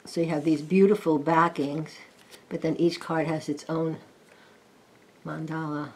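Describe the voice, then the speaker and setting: An older woman gently chatting as she flips through and reviews a deck of oracle cards, with admiring asides. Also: low voice, little pitch movement, measured pace, slight background noise. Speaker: tarot card reviewer. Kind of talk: casual card flip-through chat.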